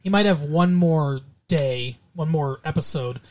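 A man co-hosting a podcast, recapping a show in casual chat with wry, deadpan asides. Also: on the high side, measured pace. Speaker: podcast co-host.

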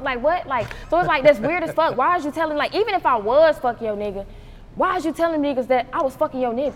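Animated young woman telling stories. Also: sits high, fast. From North Carolina. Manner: animated storytelling, acts out quotes, laughs a lot. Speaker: rapper, interview guest. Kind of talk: casual interview chat. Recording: roomy hall with faint noise.

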